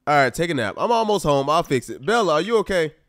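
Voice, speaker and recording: Fast and fairly high-pitched, a man speaks in a dry recording with clean studio sound. This gaming YouTuber provides casual, exasperated let's-play commentary on a life-simulation game, animated and addressing his viewers directly as "y'all."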